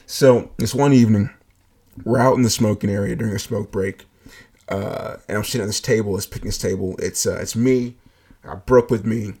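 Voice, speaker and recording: Young guy podcast host, raspy low-key voice, swears a lot, jokey storytelling. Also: darkish tone. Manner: blunt, profane, joking storyteller. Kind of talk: casual storytelling monologue.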